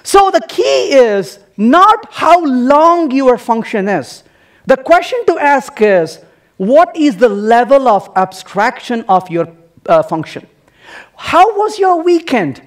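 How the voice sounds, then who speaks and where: A man's voice: very high-pitched, big pitch swings, slow. A man giving a humorous technical talk to a live audience at a conference, playful and teasing, full of rhetorical questions. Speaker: conference speaker. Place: conference hall.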